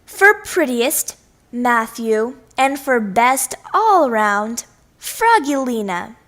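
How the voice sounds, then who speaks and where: A woman voicing a kindly, patient schoolteacher who speaks calmly and gently. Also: fairly high pitch, very slow, exaggerated voice.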